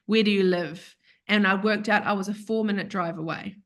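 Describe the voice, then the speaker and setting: A woman tells a personal story in a casual, animated way. She talks over a video call as an interview guest, slipping into voices for the people she quotes and laughing between lines. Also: medium pitch, normal speed.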